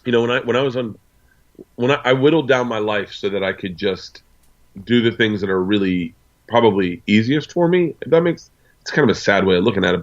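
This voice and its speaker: A man, a comedian guest, telling stories in casual chat, swearing freely and acting out both sides of conversations. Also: fairly low pitch. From United States. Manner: profane, animated storyteller acting out dialogue. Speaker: interview guest, stand-up comedian. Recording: dull lo-fi sound.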